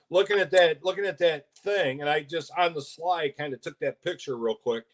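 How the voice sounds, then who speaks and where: A man co-hosting a casual live stream, telling a story in a rambling, halting way. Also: a little high. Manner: rambling, halting, laughs often. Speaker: co-host.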